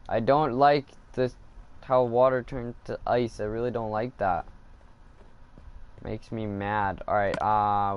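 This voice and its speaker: A man's voice: on the low side, clean tone. A man casually commenting while he plays a video game, thinking aloud and getting annoyed at the game. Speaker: gaming video host.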